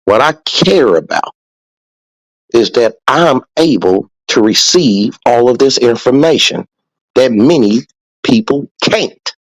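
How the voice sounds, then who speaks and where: A man's voice: medium pitch, lively intonation, slow, dry recording, poor audio. A man hosting a podcast, talking casually and preachily, with lots of swearing and repeated points. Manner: profane, preachy, emphatic with repetition. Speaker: podcast host. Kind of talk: casual motivational podcast talk.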